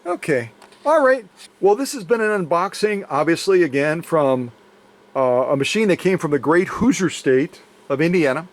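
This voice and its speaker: A man hosting a sewing machine restoration channel, chatting casually in his workshop with playful, rambling, jokey asides. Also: a little high. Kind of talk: casual unboxing chat to camera. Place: home workshop.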